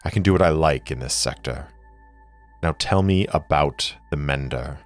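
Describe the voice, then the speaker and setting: Dude voicing a cold lady agent, curt questions, low voice, no mercy. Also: normal speed, soft background music. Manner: curt, interrogating. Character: cold, ruthless female government agent.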